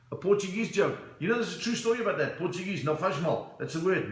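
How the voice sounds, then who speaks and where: Chatty South African comedian, bright voice. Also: male voice, high voice, expressive, fast talker, hardly any pauses, reverberant. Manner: chatty, playful, slips in and out of accents. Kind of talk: live-stream stand-up chat. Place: room at home.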